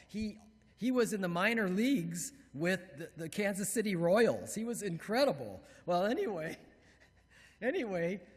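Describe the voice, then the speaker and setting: A man in his fifties, a pastor, preaching a sermon with animated storytelling and playful acted-out quotes. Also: sits high, big-room sound. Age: 50s. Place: church sanctuary.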